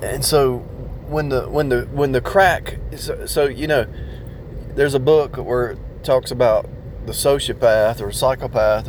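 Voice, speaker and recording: A man's voice: medium pitch, slight background noise. A man talking in a rambling casual monologue about faith, with many restarts and repeated phrases. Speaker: speaker sharing religious reflections.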